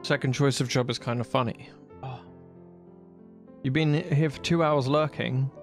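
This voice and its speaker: A man on a live stream reading a visual novel aloud in a playful way, tossing in quick asides between lines. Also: mid-range voice, steady tone, soft background music.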